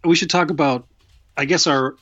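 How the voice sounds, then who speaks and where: A man's voice: on the high side, steady tone, normal speed, fairly bright tone. A male podcast host in loose, casual conversation. He tells rambling stories, swears freely and breaks into laughter often. The audio is a little dull and lo-fi. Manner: laughing storyteller, profane, rambling. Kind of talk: casual chat.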